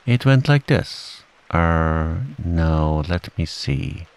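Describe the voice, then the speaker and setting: A gentle, simple-minded young bear speaks in an earnest, hesitant storybook voice, as a man reading aloud puts him on. The pitch sits a little above the reader's own low voice, with a gravelly edge. He moves slowly and carefully. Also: animated, exaggerated voice.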